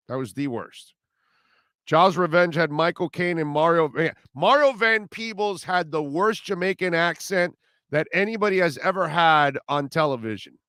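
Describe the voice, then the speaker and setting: A man's voice: fairly high pitch, sharp tone, clean tone, no room sound, studio quality. A man hosting a sports radio show, rambling and joking loosely about old movies. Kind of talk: casual sports talk.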